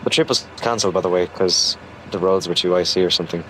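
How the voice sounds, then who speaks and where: A man's voice: sits low, a bit bright, a little hiss or hum, poor audio. A young man casually telling a story from his school days, rambling with lots of fillers and restarts. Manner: rambling, halting, full of fillers.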